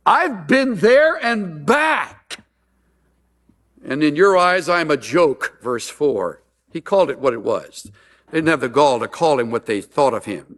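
A man's voice: on the high side, animated, measured pace, fairly bright tone. A man preaching a sermon as a pastor, mixing humorous stories with earnest appeals.

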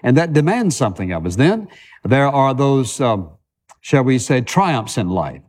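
A male pastor giving a sermon in a church, talking conversationally and piling up repeated phrases for emphasis, slowing down on key words and speeding through the runs between them. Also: medium pitch, big pitch swings, a little mellow. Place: church sanctuary. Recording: long hall reverb.

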